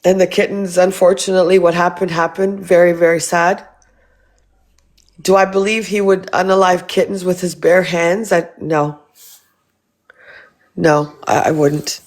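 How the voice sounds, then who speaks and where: A woman's voice: lowish voice, little pitch movement, unhurried, long pauses. Woman on a livestream, blunt and sweary, keeps asking why would he, talks straight to her viewers. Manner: blunt, swears freely, asks rhetorical questions. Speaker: livestream host. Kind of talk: casual livestream chat.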